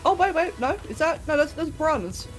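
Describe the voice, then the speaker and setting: Young British woman, game streamer, casual and giggly, slightly high voice, faint music underneath. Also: expressive, fast. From Britain. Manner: chatty, giggly, talks to chat. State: sore throat. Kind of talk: casual live-stream chat while gaming.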